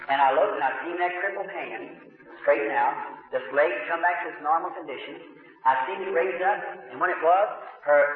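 A man preaching a sermon, telling a story in a folksy way and quoting the people in it. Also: a little high. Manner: folksy storytelling, quotes others in dialogue. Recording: tinny old archive recording from far off in a reverberant hall.

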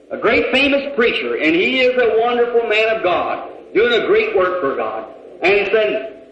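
A man preaching a sermon, retelling a conversation in a folksy way and breaking into shouts, recorded in a church hall. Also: very high voice. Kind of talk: sermon storytelling. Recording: echoey, dull old hall recording.

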